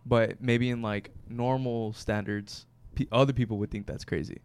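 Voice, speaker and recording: A man's voice: mid-range voice, fairly even intonation, moderate pace, clear, resonant tone, dry recording. A man co-hosting a casual podcast chat, argumentative and teasing as he pushes back. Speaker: podcast co-host.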